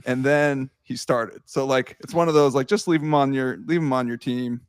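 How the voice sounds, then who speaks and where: An excitable young man hosts a casual sports chat, laughing often and swearing freely. His voice sits in an ordinary middle pitch. The sound is dry and close, with no room around it. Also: normal speed, smooth, dry recording. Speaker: podcast host.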